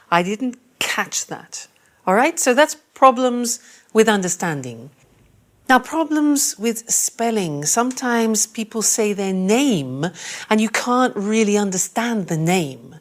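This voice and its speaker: Slow, deliberate woman English teacher. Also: fairly high pitch. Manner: slow, deliberate, repeats phrases for learners. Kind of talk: language lesson presentation.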